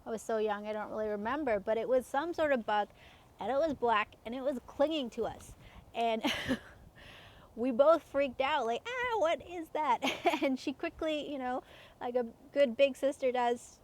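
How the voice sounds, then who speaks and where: A woman's voice: fairly high pitch, moderate pace, darkish tone. A woman in her thirties telling personal stories in a casual, chatty way, laughing often and using many fillers. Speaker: self-help coach.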